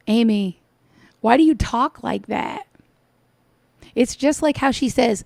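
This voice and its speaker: A woman's voice: on the high side, slow pace, gravelly, pauses often, darkish tone, dry recording, clean studio sound. Sarcastic woman mocking a cooking clip. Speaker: commentator reacting to another vlogger. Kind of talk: mocking reaction commentary.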